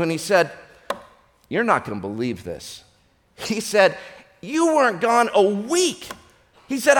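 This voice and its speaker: High-voiced male pastor in an echoing hall. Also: slow pace, long pauses. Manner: storytelling with a joke, animated voices for characters. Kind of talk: sermon.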